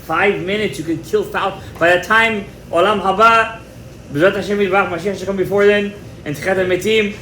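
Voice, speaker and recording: Man, rabbi, Torah class, emphatic, animated, Hebrew terms, higher voice, roomy echo. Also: brisk, a little hiss or hum. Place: indoor room with a live audience. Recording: echoey room with faint ambience.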